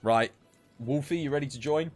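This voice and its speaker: A man's voice: mid-range voice, normal speed, a little mellow, soft background music. A tired man, chatting casually while live-streaming a game and giving gear advice. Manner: chatty, laid-back, gives gear advice.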